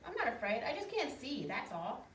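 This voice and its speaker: Jumpy fanciful schoolboy, voiced by a woman, storybook, excitable, higher voice, distant mic. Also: brisk. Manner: excitable, dramatic. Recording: echoey room, distant mic, faint noise.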